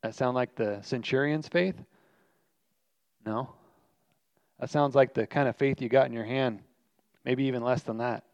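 A man's voice: medium pitch, steady tone, a little slow, long pauses, darkish tone, dry recording. A man preaching a sermon as pastor, earnest and emphatic, repeating his key lines for weight. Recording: dry, slightly muffled recording.

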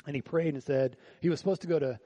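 Husky, mellow-voiced man preaching a sermon. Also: fairly high pitch, fast, poor audio. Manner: conversational preaching with frequent rhetorical questions to the congregation; shifts between quiet reflective lines and louder animated bursts. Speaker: pastor. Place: church service.

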